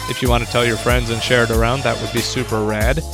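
A man's voice: mid-range voice, flat delivery, fast, music in the background. A young man hosting a podcast, joking and laughing often in casual chat. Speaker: podcast host.

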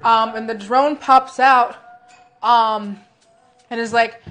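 A woman's voice: on the high side, steady tone, takes it slowly, long pauses, fairly bright tone, soft background music. Giggly playful woman player. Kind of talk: casual tabletop play.

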